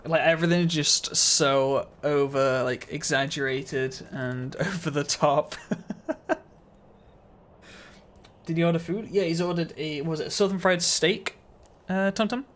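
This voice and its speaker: A man's voice: fairly high pitch, steady tone, normal speed, hardly any pauses, a bit bright. A man streaming a video game live, chatting casually with his viewers in a laid-back, slightly mumbly way and chuckling often.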